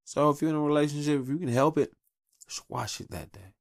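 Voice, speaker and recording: A man in his thirties hosting a podcast, giving casual advice in a blunt, profane, animated monologue recorded at a home mic. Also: a little high, brisk, vocal fry, dry recording, studio quality. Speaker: podcast host.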